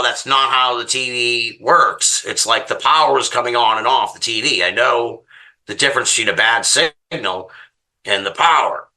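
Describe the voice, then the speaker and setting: A man telling a story as a podcast guest, swearing often and sounding exasperated as he recounts it. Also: mid-range voice. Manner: profane, exasperated, animated storytelling. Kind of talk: casual storytelling.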